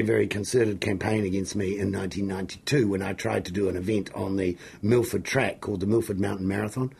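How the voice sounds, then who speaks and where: A middle-aged man with a New Zealand accent and a gravelly, husky voice, telling stories as an interview guest in an excitable, jokey, rambling way. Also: on the low side. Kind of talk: animated storytelling in an interview.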